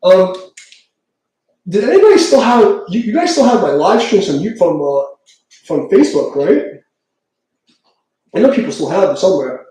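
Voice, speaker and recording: A man's voice: sits high, very animated, moderate pace, long pauses, dark tone. A man chatting casually and profanely on a live stream as a tarot reader, rambling and laughing often. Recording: very echoey room, mic far off.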